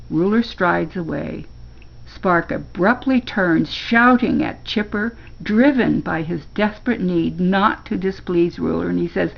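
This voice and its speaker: An older woman reading a children's story aloud, slowly and gently, as a storyteller. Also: fairly low pitch, creaky, dull audio.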